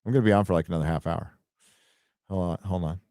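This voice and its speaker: A middle-aged man hosting a casual late-night livestream, rambling, swearing and excitedly reading viewer donations aloud. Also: deep voice, quick pace, no echo, studio quality. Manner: rambling, profane, excitable, reads donor messages aloud. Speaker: livestream host reading super chats.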